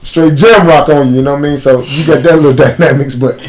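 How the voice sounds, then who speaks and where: A man's voice: on the high side, steady tone, fast, crowd noise. A man with a Chicago accent, an interview guest telling stories bluntly in street slang. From United States. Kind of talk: casual interview storytelling.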